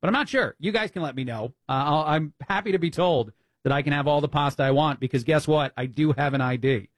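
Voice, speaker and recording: A man's voice: a little high, quick pace, no room sound. Opinionated New Jersey talk radio man. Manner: opinionated, conversational, many fillers. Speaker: fill-in radio talk host. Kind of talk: political talk radio monologue.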